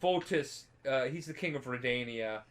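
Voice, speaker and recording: A man's voice: medium pitch, normal speed. A tipsy young man co-hosting a podcast, rambling and swearing as he casually retells a story. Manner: rambling, profane, animated. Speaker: podcast co-host.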